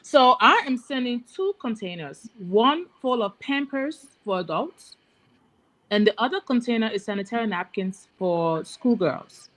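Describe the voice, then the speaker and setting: Higher-pitched woman from Liberia, urgent rallying appeal, guest on a video call, voice rising on calls to action. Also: lively intonation, unhurried, a bit bright.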